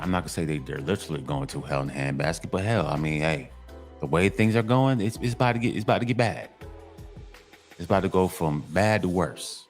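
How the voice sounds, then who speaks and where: Deep-voiced man preaching at the camera. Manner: preachy, repetitive, emphatic. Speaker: commentary channel host. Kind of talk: casual monologue addressing men.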